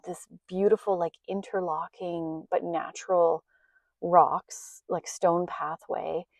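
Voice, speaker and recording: A woman's voice: fairly low pitch, flat delivery, slow, vocal fry, darkish tone, no echo, clean studio sound. A middle-aged woman hosting a podcast, telling rambling stories in a casual chat and laughing often. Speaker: podcast host. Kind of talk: casual storytelling.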